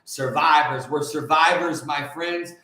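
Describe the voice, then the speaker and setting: A man giving a rousing, preachy monologue, shifting between shouts and low mutters and breaking into song. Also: fairly even intonation, unhurried. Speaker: host. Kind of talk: fiery motivational monologue. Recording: very echoey room.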